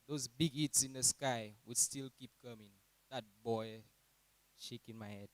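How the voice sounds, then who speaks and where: A young man in his late teens with a Saint Lucian accent, giving an animated, humorous graduation speech about his teachers. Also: no echo, rough recording. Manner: animated, mimics teachers in high voices.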